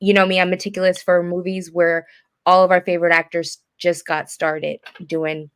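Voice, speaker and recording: A woman's voice: lowish voice, flat delivery, moderate pace, smooth. A woman chatting casually on a podcast, rambling through lots of fillers and laughing often. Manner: giggly, rambling with many fillers. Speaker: podcast co-host. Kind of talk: casual chat.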